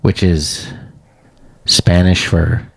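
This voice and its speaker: A man's voice: sits low, very slow, creaky. A man, co-hosting a casual podcast chat and telling stories with acted-out quotes and laughter. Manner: animated storyteller, acts out quotes with laughs. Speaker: podcast co-host.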